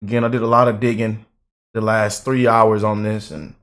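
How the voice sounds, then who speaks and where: A man's voice: fairly low pitch, little pitch movement, moderate pace, a bit bright. A man hosting a political commentary channel, emotional and repetitive, filling his talk with "man" and "you know".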